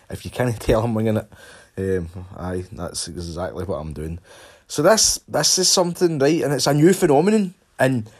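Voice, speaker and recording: Scottish man, ranting monologue, sweary, sarcastic, fairly low voice. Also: darkish tone, slightly rough.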